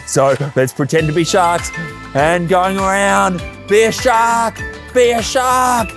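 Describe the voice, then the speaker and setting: A man's voice: sits high, fairly even intonation, slow pace, music in the background. A man hosting a children's church show, upbeat and calling out actions to the kids. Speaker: children's ministry presenter. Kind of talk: energetic kids' show hosting.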